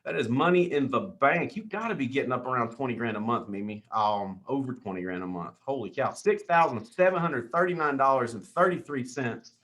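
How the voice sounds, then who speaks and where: A man hosting a weekly team sales call, reading out leaderboards with hyped shout-outs, calling people dude and brother. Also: mid-range voice, animated. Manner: hyped, calls everyone dude and brother, quick asides.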